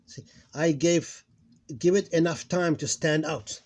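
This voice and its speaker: Deliberate man teaching syllables. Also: a little high, a little mellow. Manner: speaks in short broken phrases with many restarts; reads syllables out slowly and deliberately. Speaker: Arabic phonics teacher. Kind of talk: recorded lesson.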